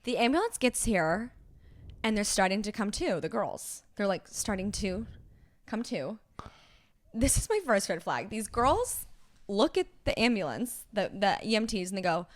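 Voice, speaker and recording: A young woman co-hosting a podcast, telling an animated work story in casual chat and swearing freely. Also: mid-range voice, normal speed. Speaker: podcast co-host.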